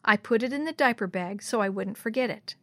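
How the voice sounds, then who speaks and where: A woman voicing a sly, scheming man who sounds smooth and reassuring. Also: fairly high pitch, fairly quick, sharp tone, dry recording.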